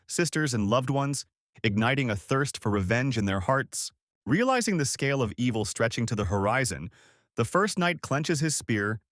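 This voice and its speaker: A man reading a scripted story recap in an even, descriptive storytelling delivery on a close mic. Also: medium pitch, no echo. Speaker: recap narrator.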